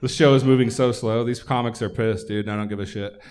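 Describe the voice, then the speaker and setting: A male host running a live comedy show from the stage, speaking in a mid-pitched voice. He keeps up brash, profane banter with the room between acts. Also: fairly even intonation, brisk, darkish tone.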